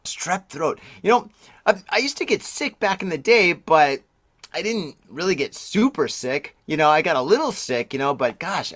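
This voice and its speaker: A man's voice: high-pitched, a bit bright, no room sound. Chatty, rambling man with a dry close sound. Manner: rambling, chatty, exclaims and laughs often. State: recovering from strep throat, voice a bit deeper. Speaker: podcast host. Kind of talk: casual podcast chat.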